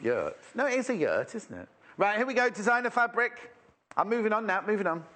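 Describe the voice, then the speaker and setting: A man hosts a live shopping channel, talking through fabrics in a chatty, wandering way. His pitch jumps up and down a lot and sits a little high for a man. He keeps breaking off to exclaim over what he is showing. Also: very animated, a little fast, sharp tone. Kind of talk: live sales presenting. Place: TV shopping studio.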